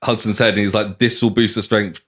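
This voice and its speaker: Low-voiced man retelling a story. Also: brisk. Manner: animated retelling, acting out lines with swearing and laughs. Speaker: podcast host retelling a novel. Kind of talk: casual chat.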